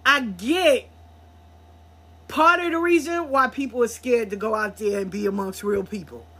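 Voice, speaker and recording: A woman hosting a podcast, telling a story in a blunt, profane, animated way. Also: on the high side, normal speed, husky. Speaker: podcast host. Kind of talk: casual storytelling monologue.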